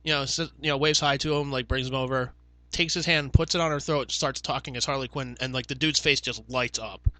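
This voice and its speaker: A man's voice: medium pitch, fairly even intonation, a little fast, pushed and bright, dry recording. A young man co-hosting a podcast, telling stories in casual chat with lots of swearing and fillers. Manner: swears freely, chatty storytelling with fillers. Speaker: podcast co-host.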